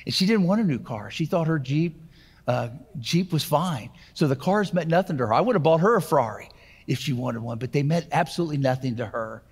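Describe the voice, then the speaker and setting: Husky-voiced man in his sixties, echoing hall. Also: a little high, animated, a little fast. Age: 60s. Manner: earnest, conversational retelling with fillers. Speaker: keynote speaker. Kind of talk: personal testimony storytelling. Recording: reverberant hall.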